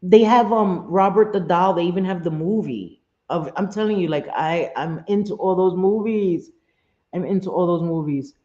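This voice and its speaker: This is a middle-aged livestream host with a lowish, dark voice at a normal speed, chatting loosely with viewers at home. She swears, laughs often, and reads comments aloud while answering them. The audio is roomy, dull, and lo-fi.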